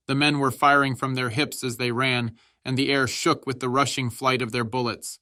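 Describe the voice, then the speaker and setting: A man reading a war memoir aloud as dramatic audiobook narration, raising his voice for the soldiers' shouts. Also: flat delivery, moderate pace, no echo, studio quality. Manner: shouts quoted soldiers' lines with raised pitch.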